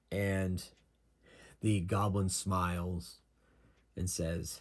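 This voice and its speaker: A man's voice: sits low, slow pace. A man narrating a solo tabletop game as game master, in a casual manner that thinks aloud.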